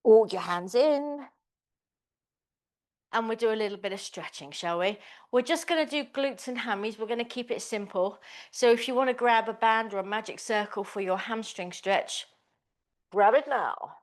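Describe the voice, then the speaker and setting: A Pilates instructor leads a small live class, offering chatty, encouraging cues. Her voice sits on the high side and moves at a moderate pace.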